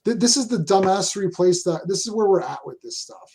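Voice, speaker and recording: A Canadian man hosting a casual chat, rambling through animated opinions with many restarts. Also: high voice, brisk, gravelly, breathy edge. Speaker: host.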